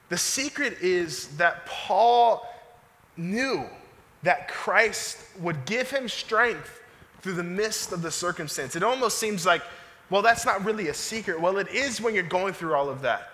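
Young man, pastor, casual sermon, rhetorical questions, high voice, long hall reverb. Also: expressive, normal speed, sharp tone. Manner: conversational preaching with slang and rhetorical questions. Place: church sanctuary.

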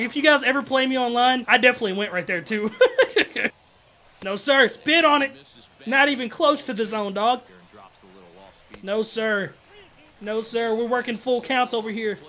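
A young man, commenting excitedly on his own video game at-bats, trash-talking and calling everyone "dog" and "bro". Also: high-pitched. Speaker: gaming channel host.

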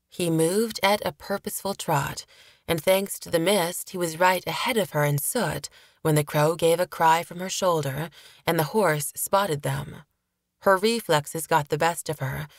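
A woman narrates a fantasy audiobook in a steady, measured way, her voice sitting a little low. She is recorded close to the mic in a dry booth with no room sound. The reading is scripted and even-paced. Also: no echo.

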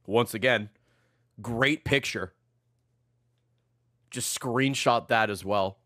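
A man streaming a game and giving excitable play-by-play commentary, swearing and laughing often. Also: medium pitch, takes it slowly, pauses often. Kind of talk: live-stream gameplay commentary.

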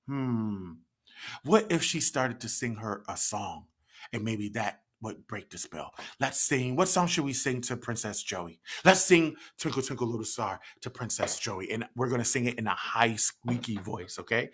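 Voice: medium pitch, moderate pace, husky. A library story time host leading an interactive children's story with songs, prompting the audience to join in. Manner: animated, prompts kids to join in and sings.

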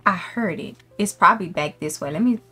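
Profane, excitable woman gaming. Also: lowish voice, a little fast, breathy edge, faint music behind. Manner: loud, profane and excitable, shrieking when startled. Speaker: gaming streamer. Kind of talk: let's play commentary.

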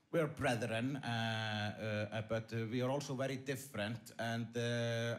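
A male comedian performing stand-up on a theater stage. He talks in a rambling, deadpan way, piling up fillers and false starts as he goes. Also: mid-range voice.

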